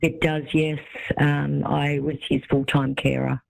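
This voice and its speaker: A woman with an Australian accent calling in to a radio show, speaking softly and hesitantly. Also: low-pitched, level tone, unhurried, gravelly, poor audio. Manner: soft-spoken, hesitant, laughs often. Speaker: caller.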